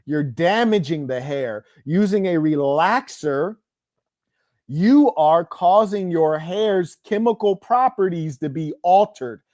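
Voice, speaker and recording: A man's voice: fairly high pitch, animated, slow pace, darkish tone, no echo, studio quality. A man hosting an online livestream, delivering a combative monologue in a boastful, scornful, preachy way. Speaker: online show host.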